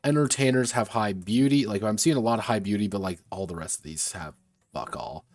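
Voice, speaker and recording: A man's voice: fairly low pitch, fairly quick, a little mellow, dry recording. A man streaming as he designs a tabletop game, thinking aloud in a muttering way, often correcting himself and swearing casually.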